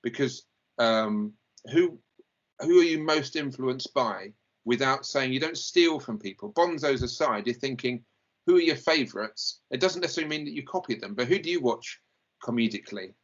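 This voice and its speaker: A man's voice: medium pitch, animated, moderate pace. A male interviewer chatting and asking questions with enthusiasm. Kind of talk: casual interview chat. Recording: dull lo-fi recording.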